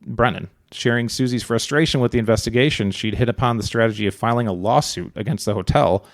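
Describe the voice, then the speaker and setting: Man, podcast co-host, gravelly voice, dry close sound, casual rambling storytelling. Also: mid-range voice, fast talker, dry recording. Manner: relaxed, rambling, many fillers, joking asides. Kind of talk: casual true-crime storytelling.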